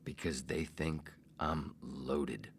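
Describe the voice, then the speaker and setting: A man in his forties hosting a solo comedy podcast, brash and self-mocking, swearing freely and swinging between loud bursts and whispers. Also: rumbling low, slow pace, gravelly, a little hiss or hum. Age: 40s. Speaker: podcast host.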